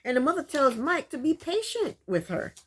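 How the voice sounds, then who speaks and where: A woman's voice: high voice, sing-song, normal speed. A woman casually recapping a reality show, chatty and sassy, often breaking into laughs.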